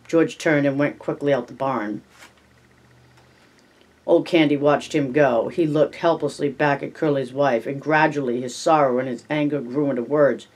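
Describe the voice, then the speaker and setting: Man reading a novel aloud, unhurried. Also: medium pitch, fairly even intonation. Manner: unhurried reading with self-corrections and asides. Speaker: reader.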